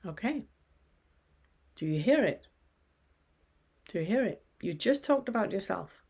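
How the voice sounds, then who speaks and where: Calm woman teaching with rhetorical questions. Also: medium pitch, moderate pace, vocal fry, pauses often. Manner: calm, reflective, asks many rhetorical questions. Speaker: spiritual teacher. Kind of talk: spoken teaching lesson.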